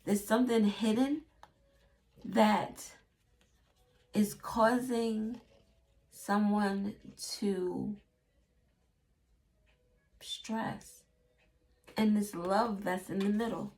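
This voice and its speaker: A woman's voice: medium pitch, steady tone, slow, long pauses, darkish tone. A woman giving a casual tarot reading, chatty and acting out little quotes in playful voices. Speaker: tarot reader.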